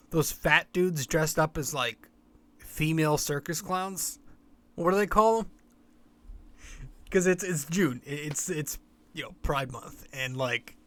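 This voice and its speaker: A man's voice: on the high side, unhurried, a bit bright. A young man hosting a sports podcast, talking casually and bluntly, rambling and swearing freely. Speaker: podcast host.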